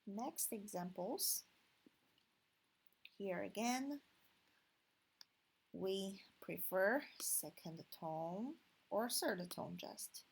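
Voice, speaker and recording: A woman whose first language is Chinese, teaching pronunciation and tones, drilling each sound slowly and deliberately. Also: mid-range voice, gravelly, breathy edge. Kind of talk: slow pronunciation lesson.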